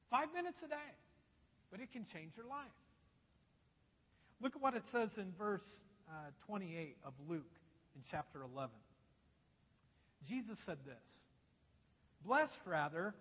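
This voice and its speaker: High-voiced man preaching in echoey hall. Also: slightly rough. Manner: emphatic, repeats phrases and addresses the congregation as folks. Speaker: pastor. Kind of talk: sermon. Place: church sanctuary. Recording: dull echoey church hall recording.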